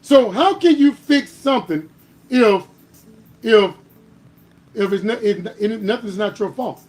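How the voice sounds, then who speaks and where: High-voiced man in heated political talk. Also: lively intonation, a little slow, faint music behind. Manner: emphatic, repeats "All right?" to press his points; heated and argumentative, builds to louder bursts. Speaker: host. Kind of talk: political commentary livestream.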